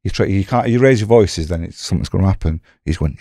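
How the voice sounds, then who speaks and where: Brief: deep, dark-toned man, loose rambling storyteller, swears a lot, dry sound. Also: lively intonation, very fast, hardly any pauses, no room sound. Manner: rambling, swears freely, restarts. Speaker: guest, former prisoner. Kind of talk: casual storytelling.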